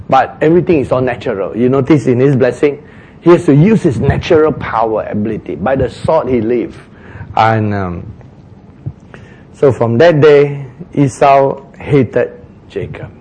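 A man preaching a sermon, retelling a scripture story with lively asides and frequent chuckles. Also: mid-range voice, breathy edge.

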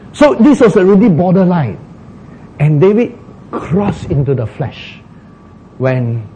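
A man preaching a sermon, slow and emphatic, acting out laments dramatically. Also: on the high side, warm tone, highs cut off, slight background noise. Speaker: pastor.

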